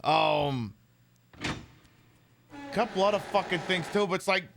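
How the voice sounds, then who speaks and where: A man's voice: sits high, measured pace, gravelly, noisy background. A man casually commenting on a game he is streaming, sarcastic and profane, rambling between topics.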